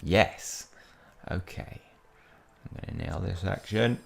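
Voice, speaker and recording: A man's voice: low-pitched, slow pace, vocal fry, breathy edge. A young man casually commentating a mobile game he plays, chatting loosely and reading the in-game text aloud as he goes. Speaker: mobile game let's-play host.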